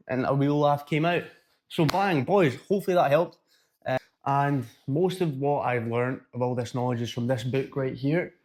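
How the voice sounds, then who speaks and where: Blunt man coaching. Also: medium pitch. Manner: energetic, blunt and swearing. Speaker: fitness and mindset coach. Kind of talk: casual self-help talk to camera.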